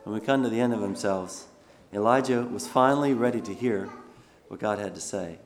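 A man's voice: lowish voice, brisk. Man preaching, reading scripture aloud. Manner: reads scripture aloud then comments conversationally. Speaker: pastor. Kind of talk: sermon.

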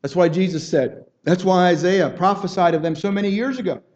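A man's voice: high voice, a little fast, a little mellow, muffled recording. A man preaching a sermon, earnest and building in intensity, often repeating words and restarting phrases as he goes.

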